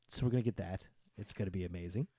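A man co-hosting a casual wrestling podcast, excitable and rambling, with jokey asides. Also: low-pitched, rapid-fire, no room sound, clean studio sound. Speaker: podcast co-host.

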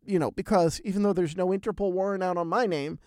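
A man hosting a podcast, telling a travel story in a lively, animated way with big swings in pitch and loudness. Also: fast talker, no room sound, studio quality. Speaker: podcast host. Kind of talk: casual storytelling chat.

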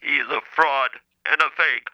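A robotic speech-synthesizer voice playing an indignant male caller, flat and clipped. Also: mid-range voice, moderate pace, dull audio. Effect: computer speech synthesizer.

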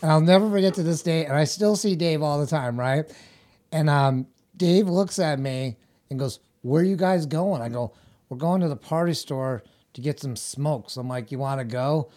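A middle-aged man with a fairly high, mellow voice chats casually as a guest at a moderate pace. He tells rambling stories full of laughs and acts out the voices he quotes.

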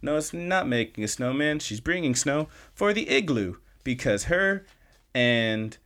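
A man's voice: medium pitch, animated, a little slow, a bit bright. Man recapping eagerly, rambling. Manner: enthusiastic, rambling with many "like"s and restarts. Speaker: podcast co-host. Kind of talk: casual episode recap chat.

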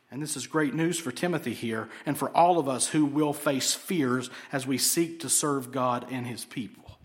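A man preaching an expository sermon to a congregation, lively and joking, full of rhetorical questions. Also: on the high side, moderate pace. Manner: animated, asks rhetorical questions, jokes. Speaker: pastor.

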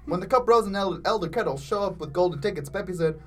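A man's voice: high-pitched, fast talker, few pauses. A young man co-hosting a podcast, joking casually and swearing freely while reading fan fiction. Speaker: podcast co-host. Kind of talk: casual chat and comedic reading.

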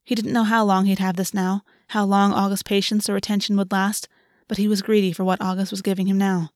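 A woman narrating a fantasy novel in a measured, steady reading voice of middling pitch. The sound is dry and close, with no room echo. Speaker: audiobook narrator. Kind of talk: scripted narration.

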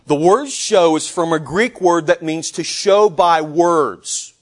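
A man preaching a sermon, measured and emphatic, building on repeated phrases with deliberate pauses. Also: a little high. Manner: slow deliberate delivery with pauses. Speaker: pastor.

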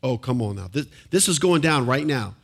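A pastor preaching a sermon to a congregation in church, animated and often asking the listeners questions. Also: male voice, mid-range voice, moderate pace, gravelly, breathy edge.

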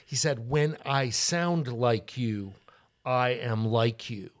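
A man co-hosting a casual podcast, thoughtful and halting, with many fillers and wry asides. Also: mid-range voice.

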